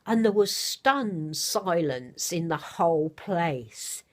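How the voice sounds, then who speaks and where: A middle-aged woman, telling a family story casually to camera in a gentle, chatty way, with a slightly dry throat. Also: fairly low pitch, lively intonation, slow pace. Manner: gentle, chatty, with soft asides. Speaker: vlogger.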